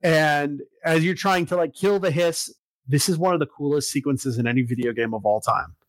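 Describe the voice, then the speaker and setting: A man in casual chat, recapping a video game story with lots of fillers and swearing, getting excited about it. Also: fairly high pitch, normal speed, dry recording, poor audio.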